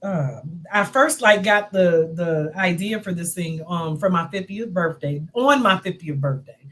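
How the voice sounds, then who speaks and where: A woman's voice: on the low side, unhurried, low-quality recording. A woman in her fifties, a guest author, telling stories in casual chat with lots of laughter and "y'all". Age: 50s. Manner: lively, laughing, says y'all often.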